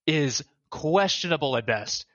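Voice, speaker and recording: A man chatting casually about a video game, animated and swearing now and then. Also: a little high, unhurried, no room sound, muffled recording. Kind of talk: casual gaming chat.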